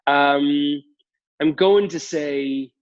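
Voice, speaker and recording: A Welsh man with a fairly high speaking voice chats casually as a podcast guest, full of fillers and restarts. The sound is a little dull. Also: drawn-out words. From Wales. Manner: chatty, many fillers and restarts. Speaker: guest TV presenter. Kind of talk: casual chat. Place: at home during lockdown.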